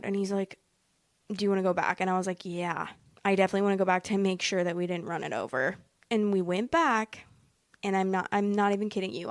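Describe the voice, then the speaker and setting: A woman's voice: medium pitch, a little fast, no echo, studio quality. A woman telling a personal story in a casual, rambling way, packed with fillers and emotional asides. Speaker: vlogger.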